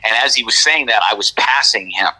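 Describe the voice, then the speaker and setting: A man's voice: on the low side, lively intonation, brisk, sharp tone, husky, low-quality recording. A middle-aged man telling his own encounter story in casual talk, rambling, correcting himself and often asking "right?". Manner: rambling, self-correcting, frequent "right?" asides. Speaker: interview guest recounting an encounter.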